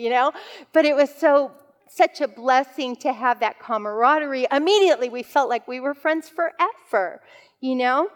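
A woman's voice: sits high, moderate pace. A woman giving a devotional teaching talk to women, telling stories in a conversational way with fillers. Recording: long hall reverb.

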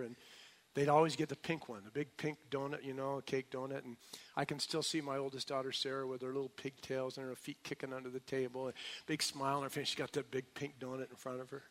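An older man preaching a sermon, earnest, moving from loud exhortation to soft, personal storytelling. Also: mid-range voice, little pitch movement, fast. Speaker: pastor.

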